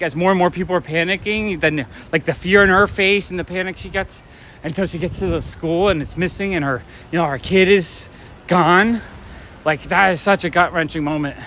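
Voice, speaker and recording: A man with a fairly high voice chats casually on a live stream as he walks along a city street at night. His talk is loose and eager, full of fillers and false starts. Faint traffic sounds drift underneath. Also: a bit bright. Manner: chatty, enthusiastic, many fillers and restarts. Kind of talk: casual rambling chat. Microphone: handheld phone or camera while walking.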